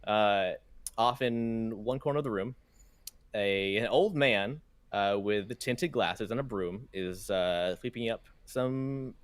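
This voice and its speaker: A young man runs a tabletop game as game master, rambling through his narration with many fillers and restarts and laughing at himself. His voice is fairly low and clean, and he takes it slowly, with no echo.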